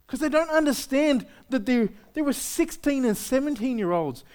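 Male pastor, sermon, lively up-and-down pitch, conversational, rhetorical questions. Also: normal speed, clean tone.

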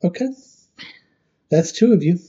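A man's voice: high voice, lively intonation, measured pace, mellow, slightly rough, muffled recording. A man co-hosting a podcast in casual chat, blunt and wry, steering the talk. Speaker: podcast co-host.

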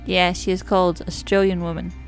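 A woman's voice: lowish voice, flat delivery, brisk, soft background music. A woman, co-hosting a casual podcast chat about a TV series in a playful, teasing way. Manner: playful, teasing, laughs often. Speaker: podcast co-host.

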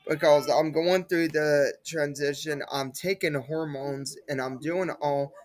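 Deep-voiced and unhurried, this young woman hosts a solo podcast with a darkish tone and fairly even intonation. She rambles casually, circling back over the same points and filling gaps with fillers.

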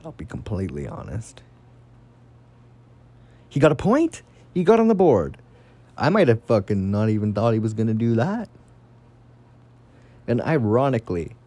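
A young man giving casual solo fantasy football commentary, excitable and rambling, swearing often. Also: fairly low pitch.

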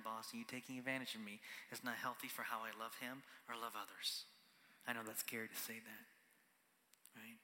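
A man's voice: medium pitch, bright, forceful tone. A pastor in his thirties giving a conversational sermon, checking in with "right?" and dropping to a whisper for emphasis. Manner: conversational preaching, often ends on "right?", drops to a whisper for emphasis. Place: large church hall. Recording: church hall with long reverb.

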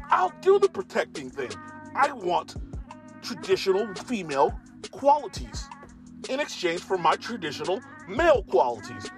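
Profane ranting man, faint music behind. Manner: profane, emphatic, spikes in pitch. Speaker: commentator. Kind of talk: ranting monologue.

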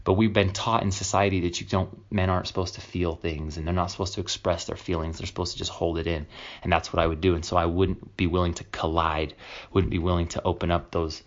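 Brief: low-pitched man, confessional podcast host, dull lo-fi sound. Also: level tone, fast. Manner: candid, confessional, rambling, emphatic. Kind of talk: casual solo podcast monologue.

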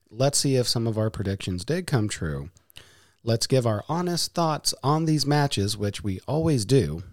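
A man's voice: mid-range voice, a little mellow, no room sound, studio quality. A man hosting a casual podcast, playful, with hammy announcer-style flourishes. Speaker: podcast host.

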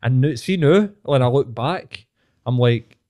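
Chatting casually on his podcast, this young Scotsman spins lively stories, laughing and cursing as he goes. He speaks a little slowly, in a mid-range voice that's a touch mellow.

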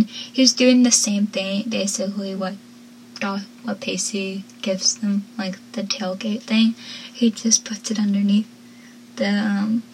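A woman casually recapping a TV episode from her notes as a gushing fan, soft-spoken and often dropping to a whisper. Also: medium pitch, a little hiss or hum, rough recording. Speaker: show recap vlogger.

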